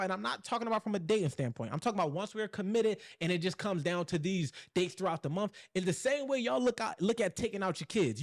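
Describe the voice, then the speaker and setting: A man co-hosting a podcast in casual chat. He talks in an animated way, acts out the people he quotes and swears freely. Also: high-pitched. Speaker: podcast co-host.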